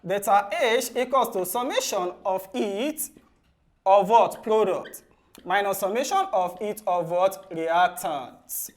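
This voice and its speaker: Man, chemistry tutor, exam-prep lesson, asks "what?" after each phrase, answers quietly. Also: slow pace. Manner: drops to a low, soft voice on the answer words.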